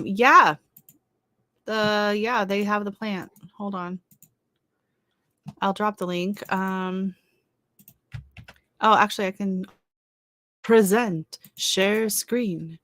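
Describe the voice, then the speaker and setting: A woman's voice: medium pitch, slow pace, long pauses, pushed and bright, dry recording. Woman from canada, middle-aged, casual livestream chat, rambling with fillers, dry close sound. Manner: chatty, rambling, with many fillers and restarts. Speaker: channel host on a livestream.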